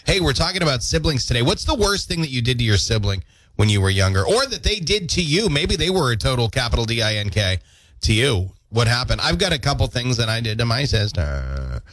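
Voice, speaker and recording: A man's voice: mid-range voice, very animated, brisk, a bit bright, dry recording. A man hosting a morning radio show with playful, jokey banter from a studio mic. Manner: playful, jokey, self-mocking. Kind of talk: casual on-air banter. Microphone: studio microphone.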